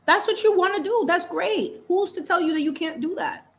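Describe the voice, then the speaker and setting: A woman, hosting a casual chat while painting, animated and opinionated, saying "like" a lot. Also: extremely high pitch, normal speed. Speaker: channel host.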